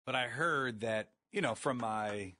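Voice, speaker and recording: A man co-hosting a radio show, needling his co-host with dry, deadpan teasing. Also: mid-range voice, unhurried. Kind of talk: casual on-air banter.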